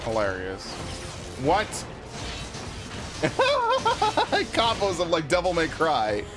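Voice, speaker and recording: A man streaming a game, reacting with excited outbursts, laughter and swearing. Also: on the high side, very slow, over music. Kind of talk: live gameplay commentary.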